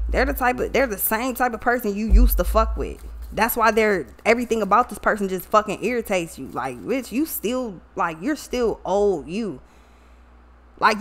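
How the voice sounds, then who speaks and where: A woman giving a casual tarot reading to her viewers, blunt and profane, often laughing and trailing off into asides. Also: fairly high pitch. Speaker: tarot reader.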